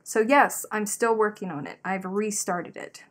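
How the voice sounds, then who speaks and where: A woman's voice: mid-range voice, unhurried. A woman in her thirties hosting a live craft stream, chatting casually and reading out viewer comments. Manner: animated storyteller, reads out chat comments. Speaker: livestream host. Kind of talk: casual chat while crocheting.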